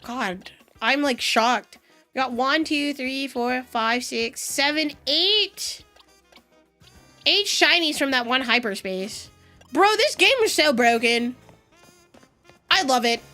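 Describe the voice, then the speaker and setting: High, bright, excitable woman streamer. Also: takes it slowly, long pauses, soft background music. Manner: excitable, swears freely, laughs often. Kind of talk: casual live-stream chat.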